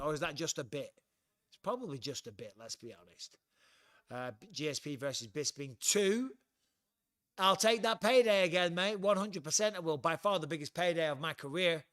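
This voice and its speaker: Chatty English man, slightly high voice. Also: a bit bright, no echo. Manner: chatty, blunt, swears freely. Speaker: livestream host. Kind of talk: casual livestream chat. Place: at home.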